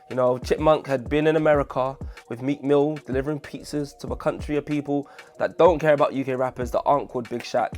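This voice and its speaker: A man hosting a casual commentary video, jokey and self-deprecating, full of chatty asides. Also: mid-range voice. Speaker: video essay host.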